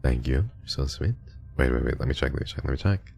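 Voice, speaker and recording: Very deep, gravelly-voiced male streamer. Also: animated, fast talker, a little mellow, soft background music. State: unwell. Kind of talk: casual livestream chat reading donations.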